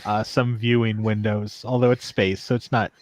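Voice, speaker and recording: A man's voice: fairly low pitch, level tone, moderate pace, darkish tone, no room sound. A man running a tabletop game as game master, explaining the rules patiently with frequent ums and restarts.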